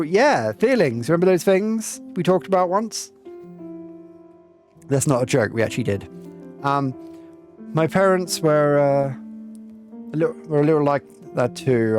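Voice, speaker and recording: A man's voice: fairly high pitch, darkish tone. A man streaming a game and chatting with live viewers, rambling and reflective with lots of ums. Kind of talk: casual chat with live viewers while playing. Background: faint game music.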